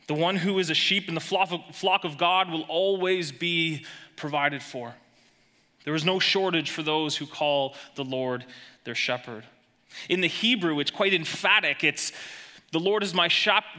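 Guy pastor preaching, really bright sharp voice, kinda high, big echoey church. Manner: emphatic preaching, dropping soft and slow on quoted verses. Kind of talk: sermon. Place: church sanctuary.

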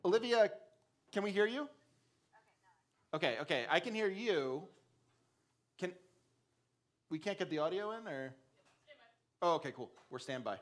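A man's voice: high-pitched, expressive, measured pace, pauses often. A man hosting a live podcast on stage, casual and upbeat with many fillers. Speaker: podcast host. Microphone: stage mic before live audience.

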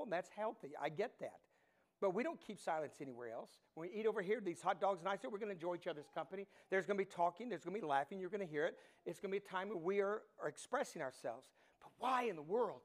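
A middle-aged pastor preaches a sermon, his animated storytelling swinging from hushed to loud. His voice sits high.

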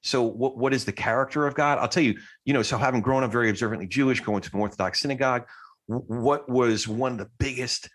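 A man's voice: mid-range voice, fast talker, a bit bright. A man hosting a podcast interview, speaking thoughtfully with some hesitant restarts. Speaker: podcast host.

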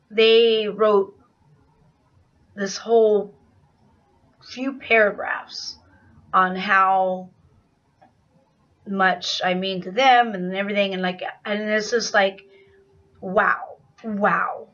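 A woman's voice: mid-range voice, a bit bright. Woman talking openly to her camera, confessional, a bit far off from the mic. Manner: rambling, candid and confessional. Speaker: vlogger. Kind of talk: casual video diary. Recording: dull, slightly distant sound.

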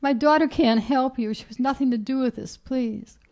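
A woman voicing a frightened young mother who pleads with intruders while straining to sound calm, in a literary reading. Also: a little high, moderate pace, lightly acted. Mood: pleading.

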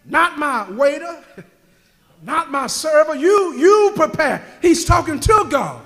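A pastor delivers a fervent sermon in a very high voice, circling back to the same phrases and building to shouts. His words ring out in a church sanctuary with a long, trailing reverb. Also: very animated, slow. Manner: fervent preaching, rising to shouts, repeats phrases.

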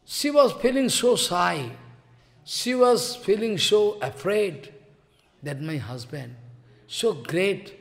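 A man giving a devotional sermon, telling a story slowly and chanting verses in between. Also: high voice, lively intonation, gravelly, long reverb tail. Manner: slow storytelling, repeating phrases, chanting verses. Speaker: spiritual teacher.

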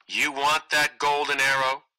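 A man's voice: mid-range voice, completely flat delivery, a little slow, pushed and bright, smooth, voice pushed up, poor audio. A man voicing a clever, enchanted little female frog in a read-aloud play, wry and teasing. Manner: wry, teasing, matter-of-fact.

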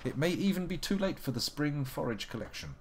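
With music playing underneath, a male game streamer gives wry, chatty live commentary to himself as he plays. His voice is fairly high, fairly quick and very animated.

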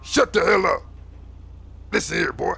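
A man's voice: sits high, measured pace, gravelly, bright, forceful tone, breathy edge, soft background music, exaggerated voice. A man voicing a bossy street gang recruiter, full of slang, constantly calling others boy and man.

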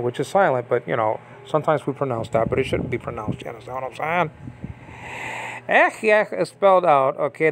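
A man giving a casual Bible language lesson, talking conversationally and checking in often with his listeners. He pauses and restarts as he reads text aloud from a screen. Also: medium pitch. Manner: conversational, checks in with frequent "okay?" and "you understand?". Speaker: Bible teacher.

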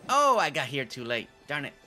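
A man's voice: mid-range voice, sing-song, brisk, pushed and bright, soft background music. A man whose first language is not English, chatting casually over his gameplay. He repeats himself and stumbles over tricky names. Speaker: gameplay video host.

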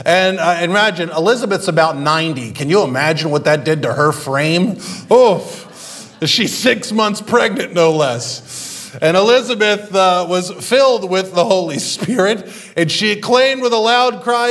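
A man's voice: high-pitched, lively intonation, a little slow, fairly bright tone. A male pastor preaching a sermon in a conversational way, with frequent fillers and restarts.

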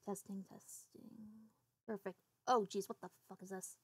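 A woman's voice: medium pitch, steady tone, normal speed, darkish tone, dry recording. A woman streamer chatting casually with her viewers while setting up and playing a game, swearing offhandedly. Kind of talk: casual livestream chat while gaming.

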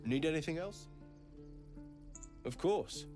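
An actor playing a male merchant in a fantasy video game, speaking in a measured, polite way. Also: fairly high pitch, animated, music in the background. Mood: courteous. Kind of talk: video game character dialogue.

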